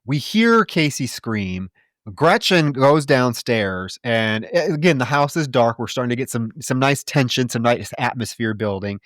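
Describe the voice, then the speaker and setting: A man co-hosting a podcast, recapping a movie plot in casual chat, animated and swearing. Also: mid-range voice, a little slow, no echo, studio quality. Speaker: podcast co-host.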